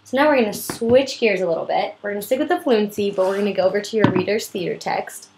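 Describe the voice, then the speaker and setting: A woman's voice: medium pitch, fast talker, noisy background. Patient woman tutoring reading. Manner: patient, explains step by step, frequent "like". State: sore throat. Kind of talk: one-on-one reading lesson.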